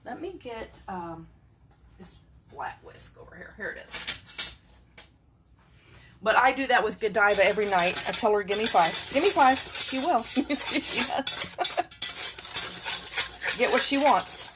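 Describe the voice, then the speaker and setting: A woman's voice: medium pitch, expressive, unhurried, pauses often, very noisy. A woman chatting casually in her home kitchen as she cooks, laughing often and cooing at her cats. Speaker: home cook and channel host. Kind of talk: casual cooking vlog. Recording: loud kitchen clatter behind voice. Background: dishes, cutlery and stirring sounds.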